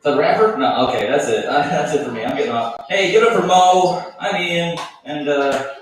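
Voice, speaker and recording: A man's voice: fairly high pitch, normal speed, slight background noise. A man doing a stand-up set at an open mic, crude and offhand, doing crowd work and mocking his own jokes. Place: bar stage at an open mic. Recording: echoey room, taped from far off.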